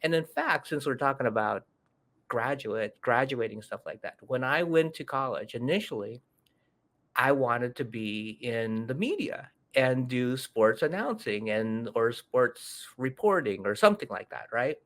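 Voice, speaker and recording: This is a middle-aged man chatting on a podcast, telling a story with plenty of energy. He keeps jumping into the voices of the people in it, pitching up for the quotes before dropping back to his easygoing, mid-range everyday tone. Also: unhurried. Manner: animated, acts out quoted voices. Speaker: podcast host. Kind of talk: casual storytelling chat.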